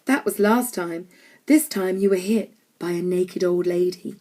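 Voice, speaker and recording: A woman's voice: on the low side, a little slow, warm tone. A woman reading an audiobook, voicing a dry, pedantic boy who mutters wry remarks.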